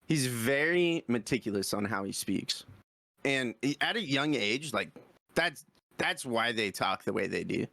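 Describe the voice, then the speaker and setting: A man's voice: mid-range voice, lively intonation, unhurried, creaky, sharp tone, no room sound. A man co-hosting a casual podcast, talking with enthusiasm. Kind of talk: casual chat.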